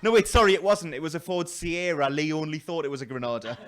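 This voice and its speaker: A man doing a stand-up comedy set in a small venue, telling a story loudly with put-on voices and self-mocking asides. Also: a little high, fast, background noise.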